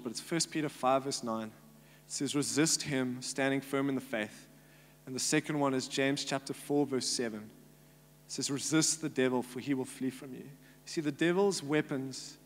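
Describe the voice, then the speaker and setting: South African man preaching in a hall. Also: medium pitch. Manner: earnest, conversational preaching with fillers. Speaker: pastor. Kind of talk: sermon. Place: church hall. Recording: live church hall with long reverb and faint hum.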